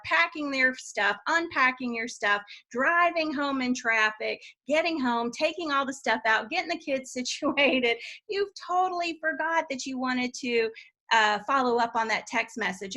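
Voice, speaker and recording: A woman's voice: sits high, bright, forceful tone. A middle-aged woman giving a chatty sales training talk, often checking in with her listeners with questions.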